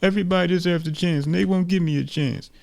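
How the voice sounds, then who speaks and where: A man's voice: sits high, fairly even intonation, quick pace, gravelly, darkish tone, pitched above the performer's own voice. A man voicing a frustrated young male boxer who insists he is good enough, in a raised, strained voice.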